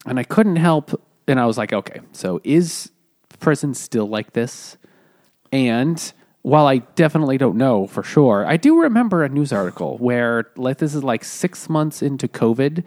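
A man co-hosting a podcast, telling stories in an animated, sarcastic way. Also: medium pitch, normal speed, no room sound, clean studio sound. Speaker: podcast co-host. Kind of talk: casual chat.

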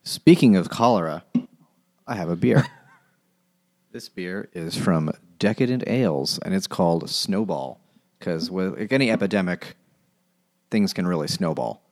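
A man's voice: sits low, expressive, a little slow, pauses often, a little mellow. A man co-hosting a book podcast, chatting casually with dry, wry humor. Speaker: podcast co-host. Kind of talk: casual chat.

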